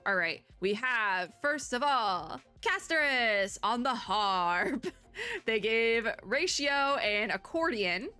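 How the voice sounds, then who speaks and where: Young woman host, bright and chatty, rambling game commentary with excited spikes. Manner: chatty, rambling asides, bursts of high excitement. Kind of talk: casual reaction commentary.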